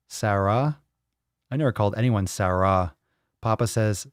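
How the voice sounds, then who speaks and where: Low-voiced man, livestream host, teasing and profane, dry close sound. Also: normal speed, clean tone, dry recording. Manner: joking, teasing, plays with pronunciations; swears casually. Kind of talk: casual livestream chat reading comments.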